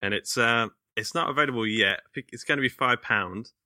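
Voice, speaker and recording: A man's voice: mid-range voice, fairly quick, pushed and bright, no room sound, clean studio sound. A British man hosting a podcast in a chatty way, laughing easily as he talks. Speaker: podcast host. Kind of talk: casual podcast chat.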